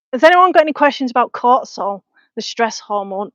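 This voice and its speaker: A woman's voice: fairly high pitch, no room sound, lo-fi sound. Chatty Lancashire woman on a live stream. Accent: Lancashire English. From North West England. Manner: chatty and frank, laughing often, talking between reps. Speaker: fitness coach and personal trainer. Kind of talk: live-stream chat while working out. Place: home, indoors. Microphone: small clip-on mic.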